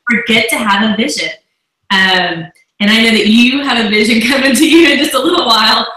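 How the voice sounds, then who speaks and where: A woman's voice: fairly high pitch, fairly quick, sharp tone. A woman hosting a team conference call, introducing speakers with gushing, emotional praise. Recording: very echoey room on a call.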